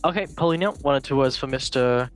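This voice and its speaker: A young man hosting a football chat show in an easy, mid-pitched voice. He reads out headlines, then riffs on them with jokes and playful asides. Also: quick pace, faint music behind. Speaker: show host. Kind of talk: casual football news chat.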